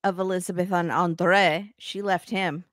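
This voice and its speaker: A woman co-hosting a casual podcast with wry, quick asides. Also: on the low side, fairly even intonation, fairly bright tone, no room sound, clean studio sound. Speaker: podcast co-host. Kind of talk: casual chat.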